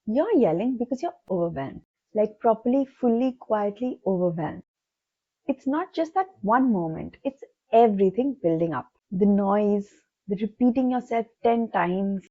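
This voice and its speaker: A woman psychologist giving a soft, empathetic scripted talk that speaks directly to the listener. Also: on the high side. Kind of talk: scripted reflective narration. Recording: tinny phone-like sound.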